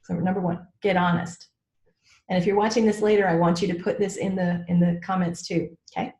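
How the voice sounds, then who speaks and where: A middle-aged woman with a fairly low, level, slightly mellow voice speaks briskly while mentoring a group on a training call. Her tone is casual and personal, frank with mild swearing, full of "like"s and "right?" check-ins, in a roomy, echoing recording.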